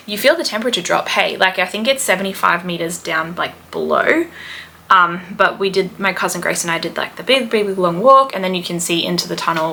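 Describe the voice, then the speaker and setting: An Australian woman in her thirties, a podcast host and history teacher, rambles chattily through a travel story, full of "like" and "um." Her medium-pitched voice is bright with a gravelly edge, and a faint hiss runs under the recording.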